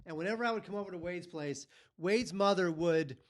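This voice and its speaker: A man's voice: high voice, a little fast. A man co-hosting a podcast, joking and teasing in casual banter. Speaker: podcast co-host.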